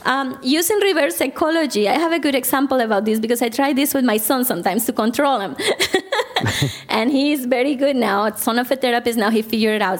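A woman therapist with a fairly high voice gives a Christian counseling talk. She speaks conversationally and keeps turning to her listeners with questions. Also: fairly quick. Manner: conversational, asks the audience questions.

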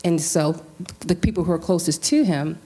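A woman from Central California with a lowish, mellow voice tells a personal family story in a casual discussion. She talks earnestly, restarts her sentences and acts out quoted dialogue. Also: normal speed, breathy edge.

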